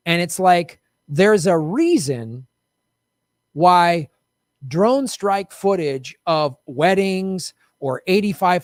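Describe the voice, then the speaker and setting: A man hosting a casual political talk show, talking in an animated, indignant way and mocking people in quoted voices. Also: a little high, dry recording, studio quality. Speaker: podcast host.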